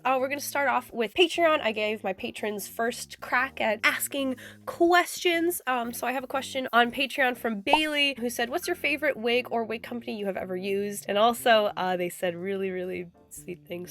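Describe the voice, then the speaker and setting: A young woman, sick with a raspy voice, chatting effusively in a casual Q and A vlog into her phone, which she uses as a mic. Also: mid-range voice, normal speed, soft background music. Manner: chatty and effusive, many fillers. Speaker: cosplay YouTuber. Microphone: phone used as microphone, held close.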